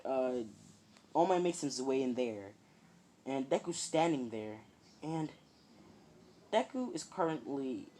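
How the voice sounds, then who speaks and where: A man's voice: mid-range voice, big pitch swings, takes it slowly, pauses often, warm tone, a little hiss or hum. A man casually retelling a fan-made story, rambling with many fillers and "he's like" asides.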